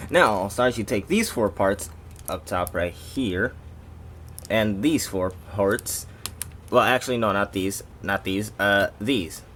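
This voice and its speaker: Man, low voice, casual toy review, rambling, self-interrupting, faint background hiss. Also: fairly bright tone. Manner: rambling, self-interrupting, jokey asides to viewers.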